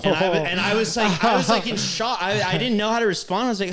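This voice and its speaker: A man co-hosting a podcast, telling a story in casual chat, animated and profane with lots of fillers. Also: sits high, fast talker. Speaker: podcast co-host.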